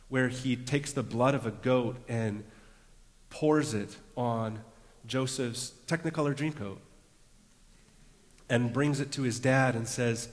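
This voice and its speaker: A man preaching a sermon earnestly, dropping his voice to a hush to stress a point. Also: mid-range voice. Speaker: pastor. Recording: long hall reverb.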